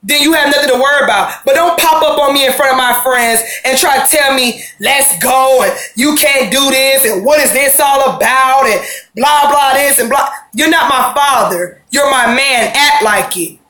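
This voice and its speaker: A high, bright-voiced woman talks through a reality show episode in a chatty, opinionated way. She drops into slang and acts out what people said. The sound bounces around an echoey room. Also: moderate pace. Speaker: reality TV recap host. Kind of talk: casual recap commentary.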